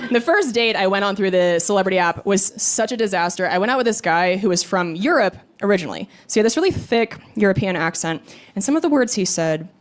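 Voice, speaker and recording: A woman in her thirties doing a stand-up comedy set, telling stories quickly with chuckles. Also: mid-range voice. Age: 30s. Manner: fast animated storytelling with chuckles. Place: comedy club stage. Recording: live club with audience and room noise.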